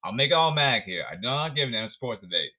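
A man's voice: medium pitch, big pitch swings, fast. A man giving a sarcastic, ranting talk about baseball, emphatic and blunt. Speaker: baseball commentator. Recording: tinny phone-like audio.

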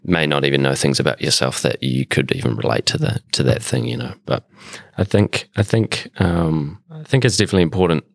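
A man's voice: rumbling low, expressive, brisk, vocal fry, hardly any pauses, no room sound, clean studio sound. A man hosting a podcast in an indoor room, chatting casually, rambling and searching for words with the odd swear. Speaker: podcast host. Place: indoor room with a painting on the wall.

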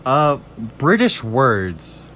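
A man's voice: mid-range voice, big pitch swings, extremely slow, sharp tone, slight background noise. A young man co-hosting a podcast in casual, rambling chat, laughing often. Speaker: podcast co-host.

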